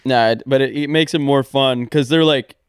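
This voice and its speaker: Young male co-host, smooth clear voice, giggly and rambling, dry close-mic recording. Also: mid-range voice, normal speed, dry recording. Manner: laughs often, rambling, repeats words. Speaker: podcast co-host. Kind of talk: casual chat.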